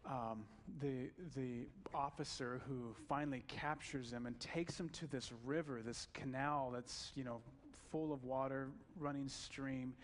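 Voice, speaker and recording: Preacher in a sermon, animated storyteller, mid-pitched man. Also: measured pace, hardly any pauses, in a large hall, a little hiss or hum. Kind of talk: sermon retelling a film.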